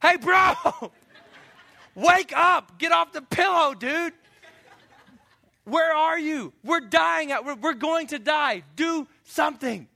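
A man's voice: very high voice, slow pace, gravelly, sharp tone, voice pushed up, exaggerated voice. A man voicing a panicked young male disciple in a storm, pleading frantically in slang.

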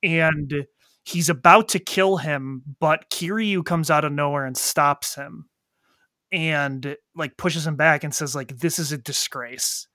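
A man in casual chat who animatedly retells a video game story. He swears freely and acts out the characters in quick quoted lines. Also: a little high, bright, forceful tone, dry recording, studio quality.

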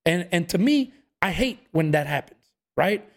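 A man's voice: high-pitched, moderate pace. A man telling stories in a casual chat, acting out what people said. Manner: animated storyteller, acts out quotes, says "bro" a lot.

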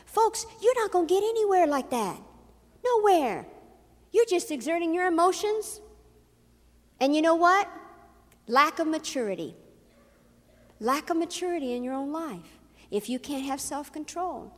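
A woman's voice: sits high, animated, moderate pace, long reverb tail. A woman pastor delivering an emphatic sermon, acting out quotes as she tells a story. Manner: emphatic preaching with acted-out quotes.

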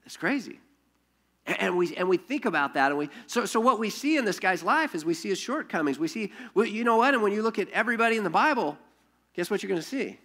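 A pastor delivers a sermon in a lively storytelling manner, peppering his talk with rhetorical questions and quick restarts. His voice is a man's, pitched a little high.

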